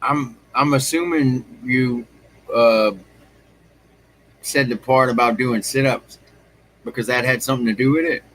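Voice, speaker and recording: Husky-voiced man in casual chat. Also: mid-range voice, steady tone, a little slow, pauses often, a bit bright, low-quality recording. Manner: laid-back, short reactions and questions.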